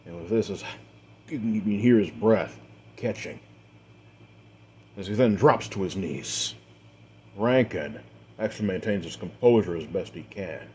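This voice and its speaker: A man acting as game master, narrating a tabletop role-play story in a measured, dramatic way with the odd filler. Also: on the low side, mellow, a little hiss or hum.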